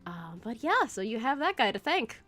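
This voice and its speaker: A woman's voice: a little high, sing-song, normal speed, a bit bright. A woman streamer chatting casually and rambling, laughing often, with faint game music playing behind. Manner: rambling, giggly, many fillers. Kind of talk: casual livestream chat. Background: faint background game music.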